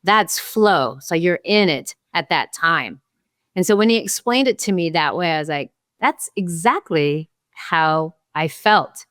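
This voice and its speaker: A woman in her sixties, a podcast guest, telling a story and acting out her own past thoughts with lively energy. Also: fairly low pitch, normal speed, clear, resonant tone, dry recording, studio quality. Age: 60s. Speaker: podcast guest, martial arts champion. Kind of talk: storytelling in an interview.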